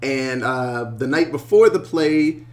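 A man's voice: medium pitch, takes it slowly. A man casually retelling a movie plot in a podcast chat, rambling with lots of filler words. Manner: rambling storyteller, many "uh"s.

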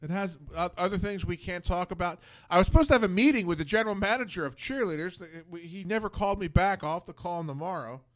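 A man's voice: sits high, fast talker, few pauses, no room sound. A man hosting a casual talk show, telling rambling, profane stories with many restarts. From Philadelphia area. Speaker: podcast host. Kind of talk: casual chat.

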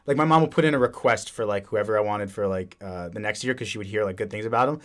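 A young man hosting a podcast, telling crude stories in a rapid, animated, casual way. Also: lowish voice. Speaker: podcast host. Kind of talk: casual chat.

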